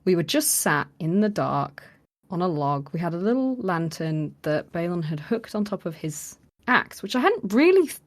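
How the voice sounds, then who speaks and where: Woman, lively storytelling podcast chat. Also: on the low side, moderate pace. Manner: animated retelling, acts out quoted lines with many fillers. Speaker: podcast co-host.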